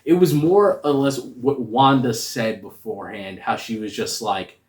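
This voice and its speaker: A man giving a casual spoiler review of a movie, talking in a slangy, animated, rambling way. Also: medium pitch, a little slow. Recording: roomy echo.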